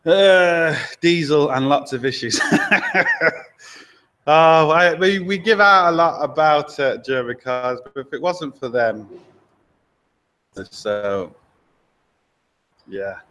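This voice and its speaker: Reading out viewer comments during a relaxed live stream from his garage workshop, this man talks in a loose, chatty way full of fillers and quick asides. His voice sits a little high and sounds a bit bright, captured on a laptop or camera mic that a helper holds.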